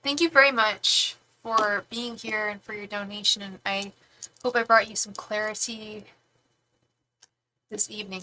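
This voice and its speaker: A woman's voice: mid-range voice, steady tone, unhurried, bright, forceful tone, slight background noise, low-quality recording. A woman tarot reader on a live stream, chatting casually and affectionately with viewers, with lots of fillers.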